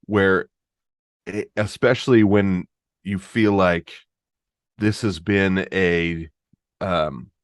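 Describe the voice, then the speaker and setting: Deep voiced guy on a podcast, keeps restarting sentences, laughs a lot, dry mic. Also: fairly even intonation, clear, resonant tone, dry recording. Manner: halting, restarts often, laughs easily. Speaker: podcast guest. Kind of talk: casual conversation.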